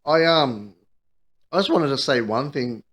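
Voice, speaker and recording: A man's voice: medium pitch, animated, a little slow, fairly bright tone. A man co-hosting a podcast, trading one-liners and swearing casually. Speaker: podcast co-host. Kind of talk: casual banter.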